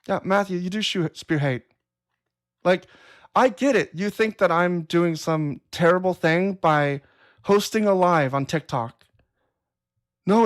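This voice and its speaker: A woman hosting a live stream, talking casually and replying to chat comments in a blunt, profane, exasperated way. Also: fairly low pitch. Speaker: livestream host. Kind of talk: casual livestream talk reading chat comments.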